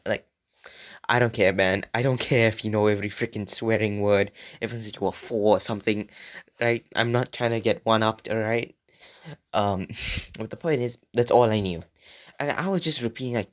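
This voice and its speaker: A young man with a somewhat low voice tells a story in a loose, rambling way, dropping "like" constantly and swearing freely. He talks straight to his viewers as he goes. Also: normal speed. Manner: rambling and profane, heavy filler words. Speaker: vlogger. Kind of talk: casual storytime monologue.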